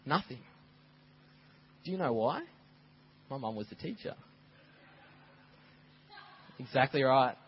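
A man preaching a sermon as a pastor, telling stories in a lively way and acting out scenes. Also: mid-range voice, breathy edge, dull audio. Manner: animated storytelling, acts out scenes. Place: church.

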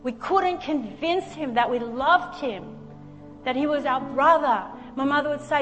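Higher-voiced woman preaching in an echoing church. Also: animated, normal speed, a bit bright. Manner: earnest, emotional storyteller. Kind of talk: sermon with personal storytelling. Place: church sanctuary. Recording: long hall reverb with faint music.

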